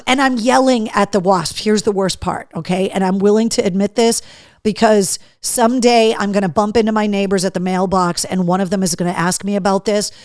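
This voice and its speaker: A woman hosting a live show, chatting and reading viewer comments aloud, telling stories in an animated, profane way. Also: mid-range voice, normal speed, no echo, studio quality. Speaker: host.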